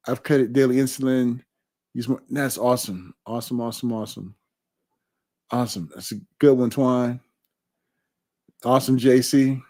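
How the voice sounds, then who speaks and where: Man, live-stream host, mid-pitched, unhurried and repetitive, reading viewer comments aloud. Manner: warm, repetitive, emphatic affirmations. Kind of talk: casual live stream chat.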